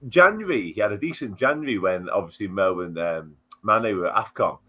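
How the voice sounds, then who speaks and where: Male football panelist, lower voice, opinionated, lo-fi muffled sound. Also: expressive, fairly quick, husky. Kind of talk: casual football chat. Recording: dull lo-fi audio.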